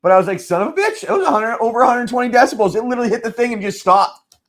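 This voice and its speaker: A man hosting a live card-pack stream, chatting casually, telling a story with quoted lines, swearing freely and talking loudly. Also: very high voice, racing. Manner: loud, swears freely, tells stories with quoted dialogue. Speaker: live card-break seller. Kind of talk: casual chat while opening card packs.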